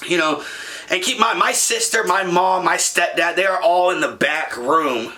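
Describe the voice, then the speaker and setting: Young male vlogger, profane and rambling storyteller, sharp and forceful tone. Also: sits high, normal speed. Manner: rambling, profane, with many fillers. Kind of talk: casual storytime monologue.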